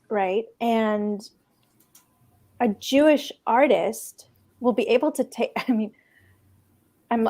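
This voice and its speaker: A woman speaking as a panelist in a discussion, earnest and halting, often restarting her sentences. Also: a little high, warm tone.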